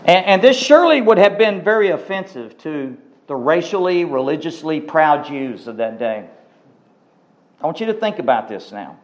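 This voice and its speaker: A male preacher delivers a sermon with a voice pitched slightly above the usual for a man. He talks emphatically, doubling back on words and phrases to drive his points home. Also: very animated, normal speed, low-quality recording. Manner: emphatic, repeats words for stress.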